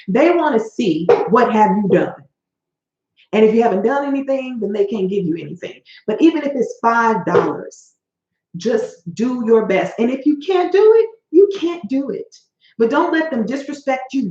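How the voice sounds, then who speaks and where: A woman's voice: on the high side, darkish tone. A woman hosting a motivational coaching video, speaking emphatically and in a folksy way that addresses listeners as honey and baby. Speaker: host and life coach. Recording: roomy, dull lo-fi sound.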